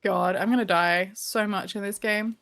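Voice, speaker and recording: A woman's voice: mid-range voice, steady tone, normal speed, vocal fry, a bit bright. Playful woman chatting over a game. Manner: playful, laughs easily. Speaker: co-op partner. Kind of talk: casual gameplay chat.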